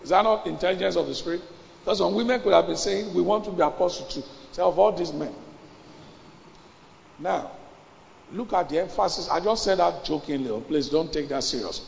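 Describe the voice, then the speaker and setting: A man preaches with a high, gravelly voice, driving his points home and repeating phrases as he builds to shouts. The sound is dull and lo-fi, with long reverb from a large hall. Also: lively intonation, brisk. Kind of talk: sermon.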